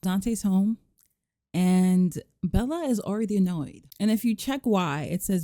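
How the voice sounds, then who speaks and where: A woman gives casual let's play commentary, animated and sassy, slipping into her characters' lines as she goes. Her voice sits mid-range with a mellow, relaxed warmth. The sound is close and dry, with little room around it. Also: medium pitch, measured pace, no room sound.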